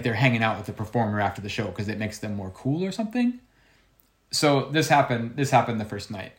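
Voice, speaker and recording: A man's voice: medium pitch, fairly bright tone. A man who works as a juggler, animatedly telling a backstage story with many restarts and repeated words. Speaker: circus performer, juggler. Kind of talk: conversational storytelling.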